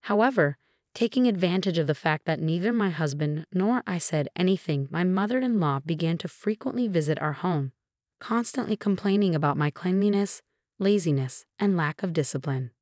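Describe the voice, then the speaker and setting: A woman in her forties reads a first-person story in an even, measured way. Her voice is on the low side, and the recording is dry and close with no room sound. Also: no room sound. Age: 40s. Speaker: narrator.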